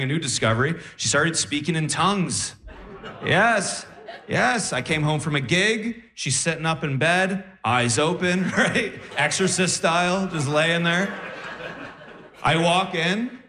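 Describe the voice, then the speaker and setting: A male stand-up comedian telling a story on a club stage and acting out his partner's sleep talk in animated bits. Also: on the high side, measured pace.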